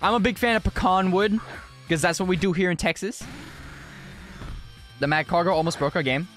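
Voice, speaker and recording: A man's voice: high voice, normal speed, fairly bright tone, soft background music. A young man streaming a game live and chatting with his viewers, exclaiming often and using casual slang.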